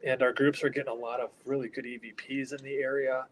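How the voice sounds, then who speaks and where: A man who keeps up a haunted hospital, talking casually and keeping his voice low in an interview, with a headset inside the building. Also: little pitch movement, fast, a little hiss or hum, low-quality recording. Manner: talks quietly, keeping his voice down. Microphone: earpiece headset.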